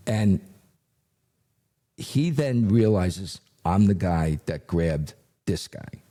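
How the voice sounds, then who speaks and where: Deep husky middle-aged man telling a story. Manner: animated, acts out quotes, frequent fillers. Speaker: retired investigator, guest. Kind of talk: casual storytelling.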